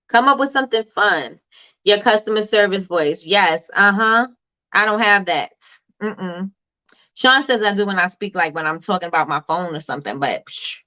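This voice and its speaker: Loud, chatty woman hosting a livestream. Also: medium pitch, muffled recording. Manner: loud, animated and repetitive, talks straight to viewers. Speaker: host of a live business tips show. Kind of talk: casual live-stream chat reading comments.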